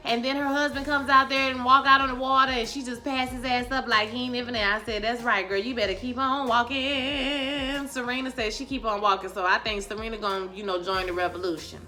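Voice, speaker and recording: A woman talks her viewers through a TV episode in loose, slangy chat. Her voice is bright and somewhat high, and she bursts into loud acted-out lines. Faint music plays underneath. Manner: animated, acts out characters' lines with loud outbursts; casual slangy speech, addresses viewers as y'all. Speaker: TV recap vlogger. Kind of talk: casual TV recap chat.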